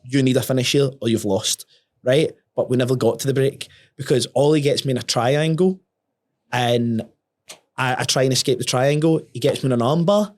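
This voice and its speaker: A young man, a podcast guest telling a story in casual talk, sweary and animated, often restarting his words. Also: mid-range voice, moderate pace.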